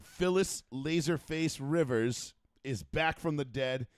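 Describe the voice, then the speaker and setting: A man hosts a sports talk show with a slightly raised pitch, tumbling through rambling, profane banter. His voice is close and dry, with no room sound around it. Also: takes it slowly, clean tone, no echo. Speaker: host.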